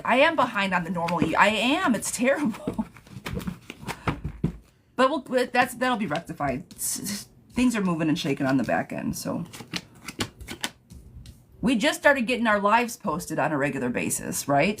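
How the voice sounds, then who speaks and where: A woman's voice: fairly low pitch, big pitch swings, moderate pace, noisy background. A young adult woman giving a casual live tarot reading, chatty, laughing often and swearing lightly. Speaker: tarot reader. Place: home, streaming live.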